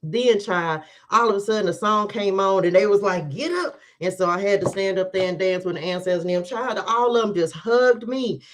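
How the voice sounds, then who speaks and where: Woman, tarot reader, live-stream host, chatty, animated, laughs often, talks to viewers directly. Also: medium pitch, fairly quick, few pauses. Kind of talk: casual live-stream chat.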